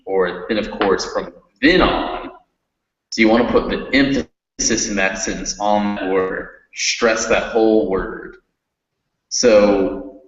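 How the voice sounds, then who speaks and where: A man's voice: on the low side, reverberant, in a large hall, lo-fi sound. A man teaching a reading lesson, patiently explaining and prompting a student.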